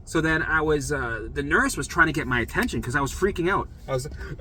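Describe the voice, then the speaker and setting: A man telling his own story in a casual, animated monologue, acting out what others said, swearing freely and often checking in with "right?". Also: fairly high pitch, a little fast, few pauses, husky, rough recording. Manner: animated, acts out quoted voices, swears freely; frequent "right?" check-ins to listener. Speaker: vlogger sharing recovery story.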